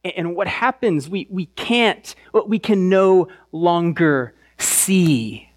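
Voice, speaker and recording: A man's voice: high-pitched, slow. A man preaching a sermon in a conversational way, often checking in with the crowd and restarting his phrases. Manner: animated, with frequent restarts. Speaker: pastor.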